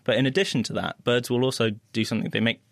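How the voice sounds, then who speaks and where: A man's voice: medium pitch, rapid-fire, creaky, no room sound, studio quality. A man on a radio science panel, explaining a point with fillers and repeated words.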